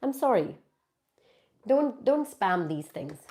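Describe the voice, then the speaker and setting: A woman's voice: mid-range voice, big pitch swings, slow, mellow, a little hiss or hum. A woman with an Indian English accent hosting a casual live Q&A, answering viewer questions in an emphatic way and repeating words for stress.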